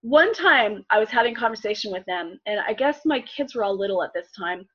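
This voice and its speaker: A middle-aged woman, a life coach and healer, telling stories in an animated way with laughs, acting out the voices in them. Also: medium pitch, brisk, husky, dull audio. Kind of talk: casual storytelling in an interview.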